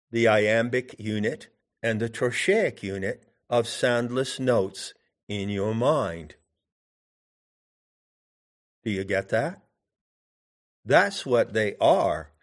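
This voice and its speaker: A man teaching in a deliberate way, pausing to put questions to the listener. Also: on the low side. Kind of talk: meditative teaching talk.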